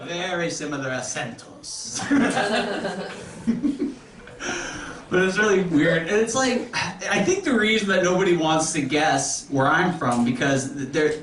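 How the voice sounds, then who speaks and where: A man's voice: fairly high pitch, normal speed, few pauses, a bit bright, distant mic. A man with a Canadian accent doing a stand-up routine with dry, self-deprecating delivery. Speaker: stand-up comedian. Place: comedy club stage. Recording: echoey, noisy room from afar.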